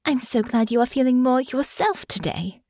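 A woman's voice: high voice, expressive, normal speed, a little mellow, no room sound, clean studio sound, voice pushed up. A woman voicing a young noblewoman who speaks formally and politely. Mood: courteous. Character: young noblewoman, gracious and gentle.

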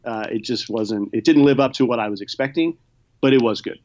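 A man's voice: medium pitch, a little fast, darkish tone. Easygoing man on a dull-sounding mic. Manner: easygoing, hesitant, lots of fillers. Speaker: podcast co-host reviewing movies. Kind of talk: casual chat.

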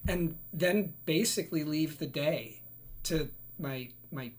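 A man's voice: a little high, slow. A man, a location manager, talking in a laid-back, easygoing way as a guest in a casual chat, thinking aloud.

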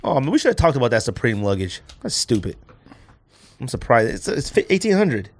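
A man's voice: medium pitch, sing-song, fairly quick. A man co-hosting a casual podcast, laid-back and steering the chat along. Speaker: podcast co-host.

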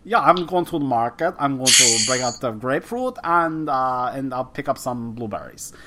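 A man's voice: mid-range voice, animated, normal speed, a loud crowd, natural voice. Brief: man voicing a fussy, oddly accented wedding planner, playful lilt, a bit off-mic. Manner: playful, mock-foreign lilt.

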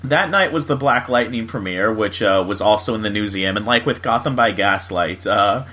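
A man's voice: on the low side, normal speed, pushed and bright. A man from Florida hosting a podcast, chatting casually and filling his talk with "you know" and "like.". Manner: chatty, full of fillers and laughs. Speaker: podcast host. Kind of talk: casual chat.

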